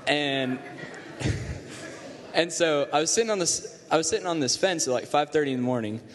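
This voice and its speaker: A man's voice: a little high, lively intonation, moderate pace, big-room sound. A teenage boy casually and self-mockingly telling a group a story. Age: teens.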